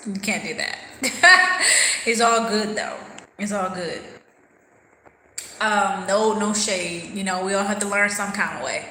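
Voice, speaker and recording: A woman's voice: medium pitch, takes it slowly, pauses often, sharp tone, roomy sound, a little hiss or hum, poor audio. A woman hosting a casual livestream, talking candidly and thoughtfully while she eats and answers viewers' comments. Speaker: livestream host.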